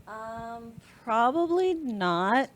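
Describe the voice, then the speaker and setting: Slow, hesitant woman guest. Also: a little high, very animated. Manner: hesitant, many fillers, soft laughs. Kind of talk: interview answers.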